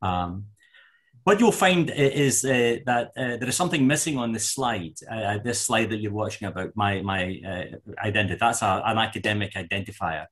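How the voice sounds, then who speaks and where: An older man with a Scottish accent giving an enthusiastic, halting lecture to a parish group as a guest speaker. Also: lowish voice, a bit bright. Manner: enthusiastic, halting with fillers and restarts.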